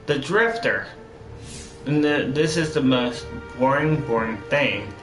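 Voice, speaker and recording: A man's voice: mid-range voice, lively intonation, slow pace, music in the background. A man streaming a game, chatting casually and repeating words for emphasis as he rambles. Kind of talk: casual gameplay commentary. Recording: echoey room with faint noise.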